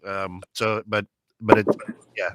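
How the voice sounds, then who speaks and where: A man's voice: fairly low pitch, little pitch movement, slow, heavy background noise. A man co-hosting an internet radio talk show, chatting casually and telling rambling stories full of restarts and acted-out quotes. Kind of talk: casual chat.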